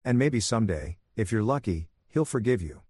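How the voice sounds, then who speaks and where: A man's voice: fairly low pitch, normal speed, husky, no echo, clean studio sound. A man reading as a cold vengeful husband. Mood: menacing. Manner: calm, controlled, menacing.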